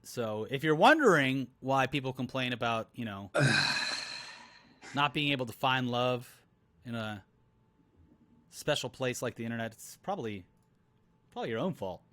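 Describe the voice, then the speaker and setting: A man's voice: mid-range voice, animated, a little slow, long pauses, a bit bright, no echo. Joking, rambling young male co-host. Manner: joking, rambling, many fillers. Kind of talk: live-stream town hall chat.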